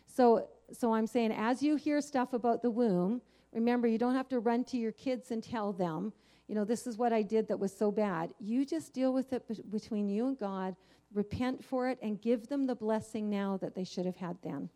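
A woman's voice: on the high side, normal speed, warm tone. A woman giving a Christian teaching, telling her own story in an earnest, candid way with frequent fillers. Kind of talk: personal testimony in a faith teaching.

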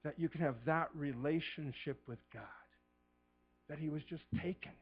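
A middle-aged man preaching a sermon as pastor, fervent, swinging from a hushed voice to shouting. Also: fairly high pitch, moderate pace, slightly rough, lo-fi sound.

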